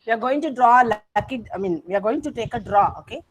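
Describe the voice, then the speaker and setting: This woman, speaking Indian-accented English, runs an online grammar coaching class through a video call, urging her students to respond. Her slightly high voice is expressive and quick, with frequent fillers and self-corrections, and the rough recording carries a little hiss or hum.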